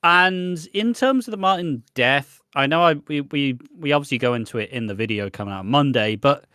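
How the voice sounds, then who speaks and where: A man from the UK co-hosting a podcast, chatting casually about a soap episode and acting out lines with lively shifts in pitch. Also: normal speed, clean tone, dry recording, clean studio sound. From United Kingdom. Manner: animated, acts out quoted lines with shifting pitch. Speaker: podcast co-host.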